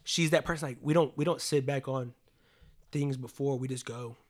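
A man's voice: medium pitch, moderate pace. A man in his late twenties telling a personal story in a casual, rambling way, leaning on "like" and swearing freely. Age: 20s.

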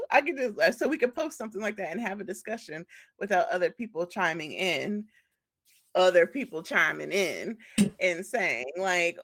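Woman podcast co-host, casual and animated, laughs a lot, mimics others. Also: medium pitch, brisk. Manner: animated, laughs often, acts out quoted voices. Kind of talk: casual chat.

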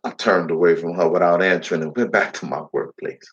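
Low-voiced man telling a dramatic story. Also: steady tone, a little fast. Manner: dramatic, with heavy dialect and shifting voices. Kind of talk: dramatic first-person storytelling. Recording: dull lo-fi recording.

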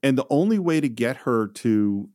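Podcast guy retelling movie scenes, lively up and down voice, dry close sound. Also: medium pitch, normal speed, no echo. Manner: animated, recaps scenes, acts out lines. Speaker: podcast co-host. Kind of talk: casual film discussion.

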